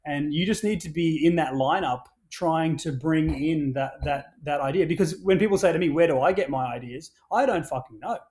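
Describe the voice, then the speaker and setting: A man on a podcast, talking in a rambling, animated way with many restarts and plenty of swearing as he tells stories. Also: on the high side, a little fast, hardly any pauses. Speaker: podcast guest, action sports brand founder. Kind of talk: casual podcast conversation.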